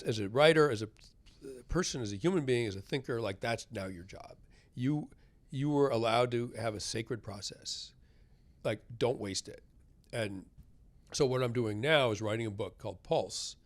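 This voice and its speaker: A man's voice: medium pitch, normal speed. Conversational middle-aged American man. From United States. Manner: conversational, tag questions, swings loud and soft. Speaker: guest author. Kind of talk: candid interview storytelling.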